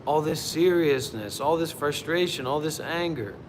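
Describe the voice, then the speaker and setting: A man with a fairly high voice gives a meditation teacher's livestream talk. His speech is casual and rambling, full of fillers and small restarts. A faint hum of background noise sits under the voice. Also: moderate pace, in a large hall. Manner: chatty, rambling, with many fillers.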